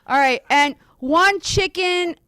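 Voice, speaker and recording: High bright-voiced woman host. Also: slow pace, dry recording. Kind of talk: casual chat.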